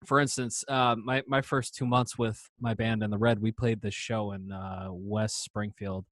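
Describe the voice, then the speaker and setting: Male podcast host, lively casual storyteller, curses freely, dry close sound. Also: fairly low pitch, a little slow, no room sound. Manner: animated storyteller, swears casually. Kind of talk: casual interview chat.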